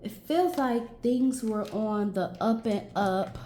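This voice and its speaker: A woman's voice: on the high side, takes it slowly, mellow, echoey room. A woman doing a casual tarot reading, musing aloud and talking to her viewers as she turns cards. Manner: musing, talks to herself and viewers, stretches words. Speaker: tarot reader.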